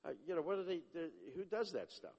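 A man giving a personal testimony, animated and acting out the dialogue, often restarting his sentences. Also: high voice, quick pace, lo-fi sound. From Jewish upbringing, not a place. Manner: animated, acts out dialogue, self-interrupting. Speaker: testimony speaker. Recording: long hall reverb.

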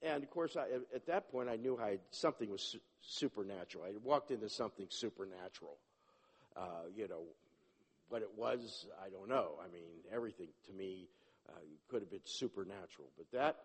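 A man giving a personal testimony, animated and acting out the dialogue, often restarting his sentences. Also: fairly low pitch, breathy edge. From Jewish upbringing, not a place. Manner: animated, acts out dialogue, self-interrupting. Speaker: testimony speaker. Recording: long hall reverb.

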